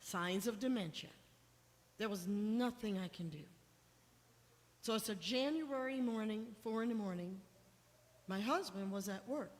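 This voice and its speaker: A middle-aged woman tells a heartfelt personal story to a congregation. Her voice rises with feeling as she quotes her own past words. Her mid-pitched voice rings with a long reverb from the hall around her. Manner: emotional storytelling, voice rising when quoting herself. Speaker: guest speaker sharing testimony. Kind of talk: personal testimony talk. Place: church hall.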